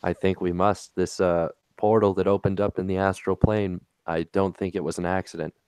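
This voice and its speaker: A man playing a tabletop game, describing his character's actions in a hesitant, halting way. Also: low-pitched, flat delivery, a little mellow, clean tone, no room sound. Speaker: player.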